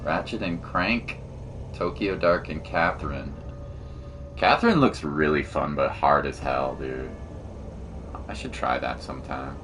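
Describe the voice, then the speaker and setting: A man's voice: very deep voice, measured pace, long pauses, music in the background. A man streaming a game, chatting casually and easily with his viewers while he plays. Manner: relaxed, chatty, talks to chat while playing. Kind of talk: casual let's-play chat.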